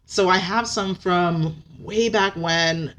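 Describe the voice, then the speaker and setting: A woman guest on a podcast, reminiscing in relaxed casual chat. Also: fairly low pitch, slow.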